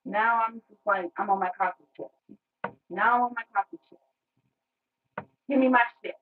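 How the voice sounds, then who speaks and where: A woman's voice: mid-range voice, moderate pace, slight background noise. A woman vlogger in an unscripted rant, blunt and profane, repeating words for emphasis. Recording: tinny phone-like sound.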